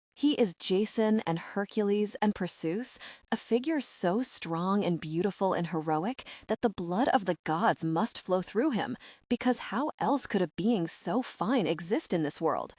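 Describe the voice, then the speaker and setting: A young adult woman narrating a first-person romance audiobook in a measured, expressive storytelling manner. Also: medium pitch, no room sound, clean studio sound.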